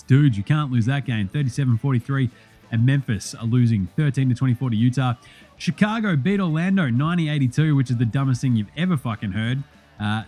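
A young Australian man hosting a sports podcast, rattling through results in a profane, excitable, joking way. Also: a little high. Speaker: podcast host.

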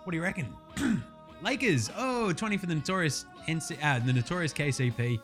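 An Australian man hosts a sports podcast, talking in an animated, slangy way with plenty of swearing. His voice sits a touch high, and faint music plays beneath it. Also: fairly quick. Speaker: podcast host. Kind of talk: sports talk show monologue.

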